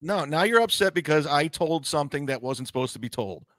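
A man's voice: fairly high pitch, lively intonation, fairly quick, fairly bright tone, dry recording. A man telling a story casually, then arguing defensively and repeating accusations of lying. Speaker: call-in guest. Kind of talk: casual storytelling and heated argument.

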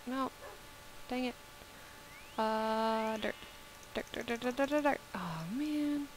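A woman's voice: a little high, takes it slowly, poor audio. A woman giving casual, playful commentary as she plays a video game, talking to the animals on screen. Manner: playful, chats to the game's animals. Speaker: video game let's-player. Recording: clear background noise.

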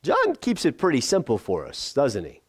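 A man preaching a sermon as pastor, conversational and lively, acting out the voices he quotes. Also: medium pitch, moderate pace, slightly rough, no room sound, clean studio sound.

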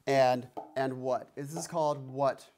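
A man's voice: medium pitch, steady tone, unhurried. Man, drum teacher, teasing, counts aloud, noisy room. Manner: playful, teasing, mock-threatening. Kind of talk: one-on-one music lesson.

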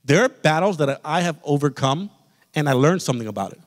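A man's voice: a little high, animated, a little fast. A male pastor preaching a sermon with passion, speaking straight to his congregation. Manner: impassioned preaching, addresses the congregation directly. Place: church sanctuary. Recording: long reverb of a church hall.

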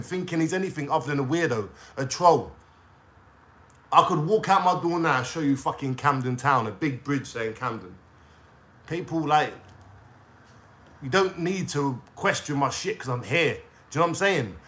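A man's voice: fairly high pitch, normal speed, pushed and bright. A young man with a London accent, venting a profane, confrontational call-out rant straight to camera in street slang. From England. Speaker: YouTuber.

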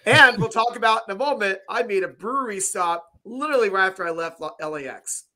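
A man co-hosting a podcast in casual chat, jokey and animated. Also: high voice, fairly quick. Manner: jokey and animated, playful asides. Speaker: podcast co-host.

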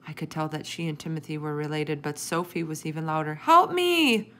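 A woman's voice: low voice, completely flat delivery, quick pace, slight background noise. A woman reading a children's chapter book aloud, narrating expressively in the first person. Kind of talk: storybook read-aloud.

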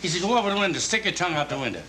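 Older New comic, deadpan punchlines. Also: male voice, high voice, rapid-fire, heavy background noise. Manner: punchy deadpan joke delivery. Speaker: stand-up comedian. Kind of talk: rapid one-liner stand-up. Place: television studio stage. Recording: 1970s TV audio with loud music. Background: studio audience laughter and a violin.

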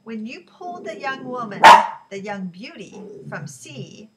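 A playful, teasing sailor man who needles his friends in stiff, formal phrasing, as a woman reads him aloud. His voice lifts high with glee when he gloats. He is a figure from a storybook reading. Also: huge pitch swings, a little slow, creaky, heavy background noise, heavily acted. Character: jovial teasing male sailor, fond of chess.

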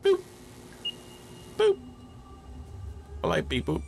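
A man streams a horror game, joking as he plays, reading notes aloud and yelping when startled. His very high voice swings hugely in pitch, with drawn-out words and a gravelly texture, and faint music plays behind him.

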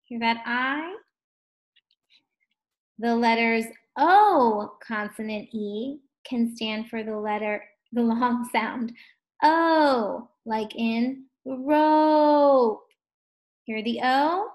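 Female first grade teacher, slow and stretched out, a bit high, gently encouraging. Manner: slow, drawn-out words sounded out for children; gentle, encouraging questions to young learners. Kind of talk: distance learning phonics lesson.

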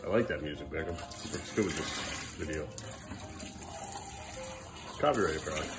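Speaking in an extremely low, animated voice at a moderate pace, a dad vlogs from his kitchen. His casual home chat with his young sons is playful, frequently sliding into sing-song baby talk.

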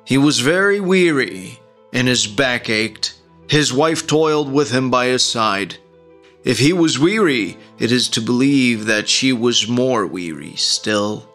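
A man narrating a storybook in a slow, deliberate reading style. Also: medium pitch, lively intonation, fairly bright tone, soft background music.

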